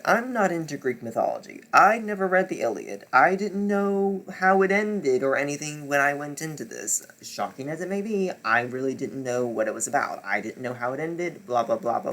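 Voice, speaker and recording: A man casually reviewing books he read, telling it dramatically, swearing and repeating himself as he gets worked up. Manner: swings from low muttering to loud near-shouting. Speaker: book reviewer. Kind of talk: casual book wrap-up vlog.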